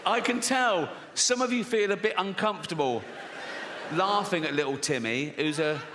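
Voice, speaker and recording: A man's voice: high voice, lively intonation, normal speed, sharp tone. A middle-aged man performing a stand-up set, brash and sweary, ranting at the crowd. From England. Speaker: stand-up comedian. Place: large theatre stage. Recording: live hall reverb with audience noise.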